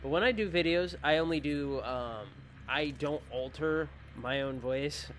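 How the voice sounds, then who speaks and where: A man's voice: on the high side, measured pace, fairly bright tone, slight background noise. A tired man hosting a gaming channel, chatting loosely through his video outro in a rambling, self-joking way. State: sleepy, tired. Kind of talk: casual video outro chat.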